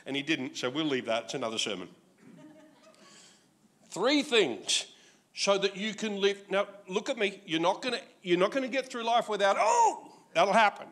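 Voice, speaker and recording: With a high voice and a moderate pace broken by frequent pauses, a pastor in his sixties preaches. He's Australian, and his sermon is jokey and animated, told through stories.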